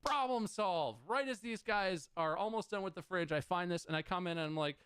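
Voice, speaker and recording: Animated, swearing male streamer. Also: sits high, fairly quick, smooth, no room sound. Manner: animated, swears freely, acts out both sides of conversations. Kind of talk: casual storytelling on a livestream.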